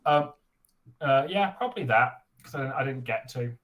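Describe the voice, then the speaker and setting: Man co-host; meandering, hesitant delivery, animated intonation, wry. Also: medium pitch, normal speed. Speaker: podcast co-host. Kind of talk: casual chat.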